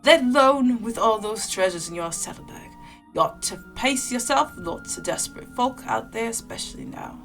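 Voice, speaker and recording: A woman's voice: a little high, expressive, moderate pace, gravelly, faint music behind. A woman reading as a fretful old granny. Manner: reads lines aloud without doing an accent. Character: worried old grandmother fussing over grandchild.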